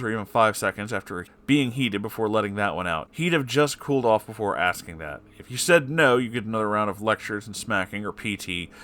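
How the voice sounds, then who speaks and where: A man's voice: fairly low pitch, a bit bright. A man reading a story aloud and often breaking off to swear and react angrily. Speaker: story reader.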